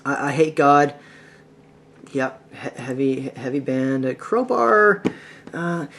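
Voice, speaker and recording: A man's voice: mid-range voice, slow, fairly bright tone. A man hosting a casual music podcast, rambling with lots of filler words and restarts. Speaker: podcast host. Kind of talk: casual solo podcast talk.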